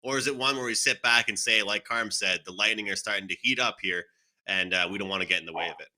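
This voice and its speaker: A man's voice: on the low side, fast, bright, forceful tone. A man hosting a sports betting panel, upbeat, turning to each panelist by name. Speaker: show host.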